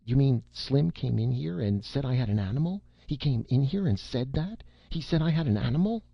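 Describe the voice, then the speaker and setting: A man's voice: lowish voice, expressive, normal speed, husky, dry recording, highs cut off. A man voicing an anxious, defensive boy who stammers and hesitates, in an audiobook reading. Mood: flustered.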